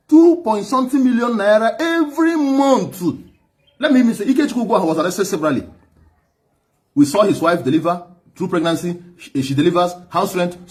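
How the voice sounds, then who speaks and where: A Nigerian man telling stories in an animated monologue, often laughing and repeating words, sometimes switching into Igbo. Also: a little high. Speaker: activist giving a testimony.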